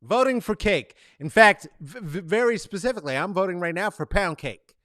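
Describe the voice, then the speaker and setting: With no room sound and studio quality, a high-pitched man speaks at normal speed as host of an offhand comedic monologue. Expect swearing, rambling, and animated rants with mock booing and cheering. He has lived in the San Francisco Bay Area for decades and hails from there.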